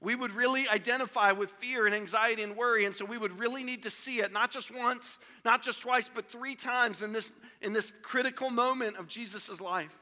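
A man preaching a sermon as a pastor, emphatic and repetitive, swinging between loud builds and hushed drops. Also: very high voice, fairly even intonation, fairly quick, few pauses. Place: church sanctuary. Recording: long hall reverb.

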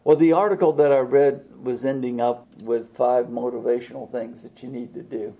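Male preacher, warm gravelly voice, slightly husky, folksy and halting delivery. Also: mid-range voice, steady tone, dull audio. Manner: folksy, halting, with frequent fillers and restarts. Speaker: pastor. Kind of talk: sermon.

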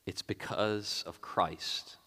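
A male pastor preaching a sermon, moving between hushed, quiet lines and raised, emphatic passages. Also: low voice, steady tone, slow, in a large hall.

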